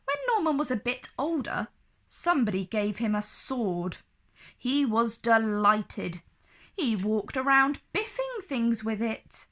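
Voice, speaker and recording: A woman reading a children's picture book aloud in an expressive, animated storybook manner. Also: a little high, slow.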